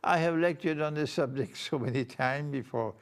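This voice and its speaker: An older man giving an Islamic lecture on world affairs, speaking in slow, deliberate, emphatic phrases. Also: fairly high pitch. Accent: Trinidadian. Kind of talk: measured religious lecture.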